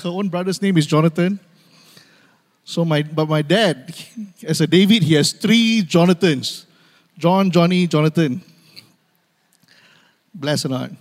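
A man preaching a sermon to his church, calling for amens and repeating key phrases for emphasis. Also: fairly high pitch. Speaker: pastor. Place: church sanctuary. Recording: long hall reverb.

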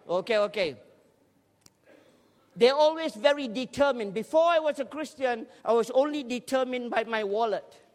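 A man preaching a lively, humorous sermon in a large church hall, joking with the congregation and urging them to respond. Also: very high-pitched. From Scotland. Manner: energetic, jokey, urges the crowd to respond. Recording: long hall reverb in a church.

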